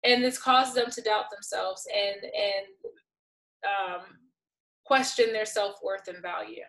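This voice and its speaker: A woman giving a casual tarot reading, playful and exasperated, laughing often and swinging between soft mutters and loud outbursts. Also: medium pitch, slow, rough recording. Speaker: tarot reader.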